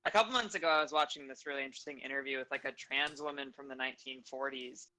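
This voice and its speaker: A woman from Los Angeles chatting casually on a video call, animated and theatrical. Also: very deep voice, quick pace, poor audio. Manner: animated, theatrical, laughs often. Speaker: stream co-host.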